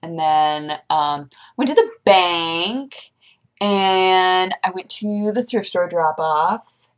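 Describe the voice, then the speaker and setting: A young woman vlogger chatting casually, telling animated stories and jumping into high squeaky voices for her pets. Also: very slow. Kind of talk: casual chat.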